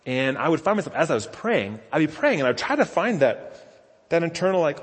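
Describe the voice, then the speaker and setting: A man's voice: a little high, big pitch swings, fairly quick. A man giving a conversational sermon with self-deprecating storytelling. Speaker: pastor. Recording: long reverb of a large hall.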